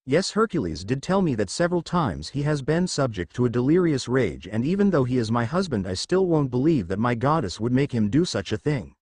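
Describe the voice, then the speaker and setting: Voiced by a man reading the story, a wronged warrior princess rages at her husband in an animated, rising-and-falling delivery. The sound is dry and close, with no room around it. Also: mid-range voice, a little fast, few pauses, slightly rough, no echo. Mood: cold. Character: furious betrayed warrior princess wife.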